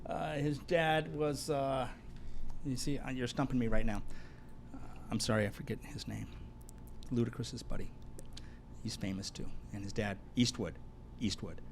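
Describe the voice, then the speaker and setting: A man's voice: mid-range voice, normal speed, vocal fry, pauses often, slight background noise. A man who owns a donut shop, a guest telling rambling celebrity stories full of fillers and "dude". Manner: animated, rambling, many fillers, says "dude". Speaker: donut shop owner and chef, podcast guest. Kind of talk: casual storytelling chat.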